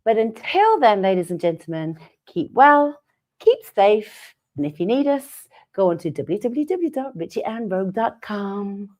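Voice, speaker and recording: A woman's voice: mid-range voice, big pitch swings, measured pace, a little mellow. A woman co-hosting a live web show, laughing and teasing her co-host in playful chat. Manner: giggly, teasing, jokey.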